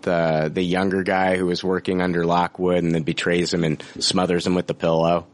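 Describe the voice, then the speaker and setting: Male podcast host, lower voice, eager and animated film talk. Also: normal speed. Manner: enthusiastic, acts out quotes. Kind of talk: casual movie discussion.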